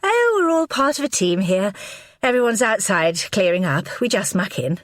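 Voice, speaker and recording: A woman reading an audiobook, voicing a sharp-tongued upper-class wife who talks shrilly and with contempt. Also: mid-range voice, sing-song, moderate pace, no echo, studio quality, pitched above the performer's own voice, natural voice. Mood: guarded. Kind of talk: audiobook character voice.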